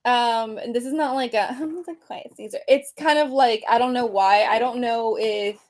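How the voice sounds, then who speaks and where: Woman in her thirties, chatty, lots of ums, slightly high voice, home livestream at a desk. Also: steady tone, normal speed, darkish tone. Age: 30s. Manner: chatty, many ums and restarts. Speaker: creator hosting a livestream. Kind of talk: casual livestream chat reading comments. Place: room at home. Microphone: computer webcam mic, seated at desk.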